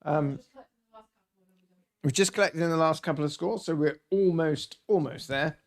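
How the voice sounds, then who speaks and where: A man's voice: fairly high pitch, measured pace, slight background noise. A man hosting an online family quiz in casual, jokey banter. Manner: jokey, slips into silly voices and song snippets. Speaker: quiz host.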